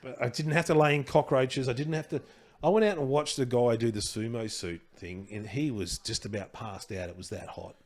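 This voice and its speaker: A man's voice: mid-range voice, a little fast. A middle-aged Australian man telling a rambling, slangy story as a podcast guest, chuckling as he goes. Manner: rambling, chuckling, loose slangy delivery with restarts. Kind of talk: casual anecdotal storytelling.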